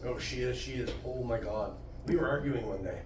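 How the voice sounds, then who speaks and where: A man's voice: medium pitch, brisk. Middle-aged male comic, crude and self-mocking, heard from a distance in an echoey, noisy club. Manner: crude, self-deprecating storytelling. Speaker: stand-up comedian. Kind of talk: stand-up comedy set. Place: comedy club stage with audience. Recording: roomy club sound from afar, noisy.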